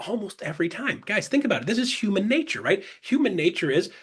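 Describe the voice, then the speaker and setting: A man's voice: high voice, sing-song, husky. A man leading a casual online coaching session, jokey and upbeat, who keeps checking in with the listeners and acts out little sales dialogues. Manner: jokey and upbeat, peppers points with "right?" and "guys"; acts out buyer and seller dialogue in quick back-and-forth. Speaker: webinar presenter and business coach.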